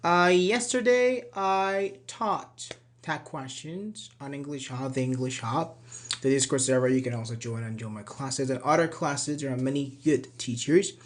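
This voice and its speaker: A man giving an online English grammar lesson, lively and full of rhetorical questions to the viewer. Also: medium pitch, measured pace. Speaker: English teacher.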